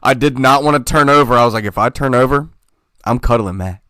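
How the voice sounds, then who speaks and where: A man's voice: mid-range voice, fairly quick, clean tone, dry recording, clean studio sound. A young man co-hosting a podcast, telling a story with lots of swearing and acted-out quotes in casual chat. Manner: animated storyteller, swears a lot, acts out quotes. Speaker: podcast co-host.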